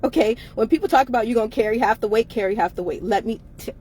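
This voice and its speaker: Over slight background noise, a fatigued woman co-hosting a live chat show talks fast in a slightly high voice with a dark tone. The talk is a casual live stream, and she is repetitive and forceful, with lots of laughter and plenty of swearing.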